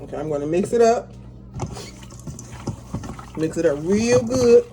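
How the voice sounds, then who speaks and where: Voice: mid-range voice, expressive, unhurried, noisy background. A home cook casually talking viewers through a recipe step by step, in a chatty, easygoing way. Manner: chatty, talks viewers through each step, laughs easily. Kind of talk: casual cooking tutorial. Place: home kitchen.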